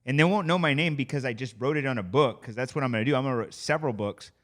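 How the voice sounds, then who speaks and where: Man, podcast guest in a studio, lively storyteller, loose and profane, mid-range voice. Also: medium pitch, racing. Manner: animated storyteller, swears casually. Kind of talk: casual podcast chat.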